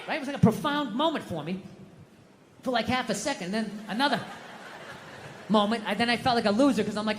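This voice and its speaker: A man doing a stand-up comedy set, ranting and swearing as he builds toward mock-furious shouts. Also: very high voice, brisk, pauses often, slight background noise. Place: large outdoor stage in the wind. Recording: live venue with long reverb, faint ambience.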